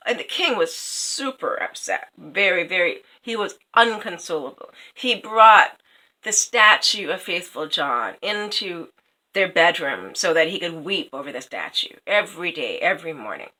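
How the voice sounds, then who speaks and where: Lady retelling a fairy tale all chatty, lots of ums, super expressive. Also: on the low side, normal speed, rough recording. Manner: chatty, lots of fillers and asides. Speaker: storyteller.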